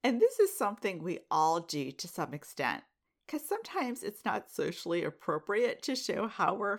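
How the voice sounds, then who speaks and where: A middle-aged woman hosting a podcast, talking casually in a monologue. She often laughs and puts direct questions to her listeners. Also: mid-range voice. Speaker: podcast host.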